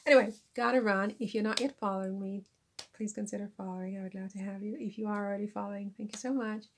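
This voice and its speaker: Woman vlogger, chatty and self-mocking, gravelly fry in the voice, mid-pitched. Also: steady tone, quick pace, slight background noise. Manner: chatty, self-deprecating, laughs at herself. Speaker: vlogger and author. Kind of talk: casual chat to camera. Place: lives in France.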